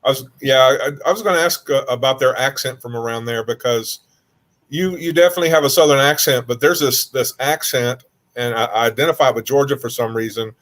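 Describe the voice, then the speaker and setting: A man asking questions in a casual livestream chat, halting and restarting often. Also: mid-range voice, fairly bright tone. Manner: hesitant, many restarts.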